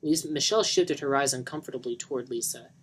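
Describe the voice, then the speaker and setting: A man reading a novel aloud in a dry, even narrating manner. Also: medium pitch, fast, breathy edge, low-quality recording. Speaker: reader of a novel.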